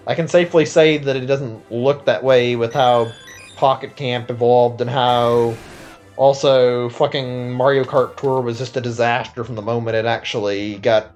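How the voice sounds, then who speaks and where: A man's voice: medium pitch, dull audio. A tired man streaming a video game, chatting casually and rambling with many filler words and restarts. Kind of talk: casual live-stream chat.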